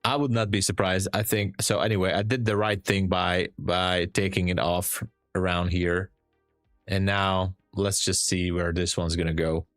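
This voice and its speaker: A man from Hungary with a Hungarian accent, chatting with viewers and calmly explaining charts as a day trading streamer. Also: low-pitched, normal speed, dry recording, clean studio sound, faint music behind. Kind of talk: live-stream chat and trade commentary.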